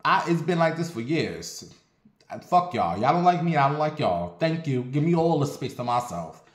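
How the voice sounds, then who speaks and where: A man from Ohio telling a casual story in an animated, profane, dramatic way. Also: fairly high pitch, moderate pace. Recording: roomy echo.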